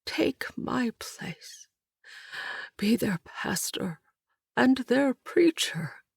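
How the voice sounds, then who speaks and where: A frail old reverend on his deathbed, speaking in slow, breathy whispers. A woman plays him in an audiobook. The recording is close and dry. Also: on the high side, big pitch swings, dry recording, pitched above the performer's own voice, exaggerated voice. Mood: weak. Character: gravely ill old male reverend, dying.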